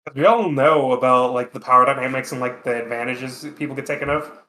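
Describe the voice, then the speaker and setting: A man with a mid-pitched voice rambles through stories, leaning on "like" and "um" and dropping casual swears. His voice carries a noticeable roomy echo. The talk is loose, unscripted podcast chat. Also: quick pace, pushed and bright. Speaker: podcast co-host.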